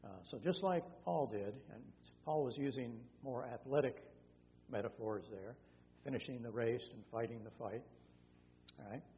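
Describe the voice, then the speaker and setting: A man's voice: mid-range voice, moderate pace. A male pastor teaching through a Bible passage in a conversational way, with many fillers and self-corrections. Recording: tinny phone-like sound in a reverberant hall with faint hum.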